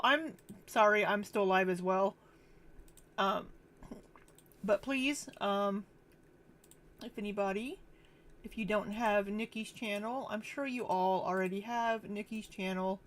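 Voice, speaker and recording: Slow-talking, tired woman streamer. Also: mid-range voice, a bit bright. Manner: slow, rambling, self-deprecating. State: tired after long streaming, hiccuping. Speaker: livestream host. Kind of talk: casual livestream chat.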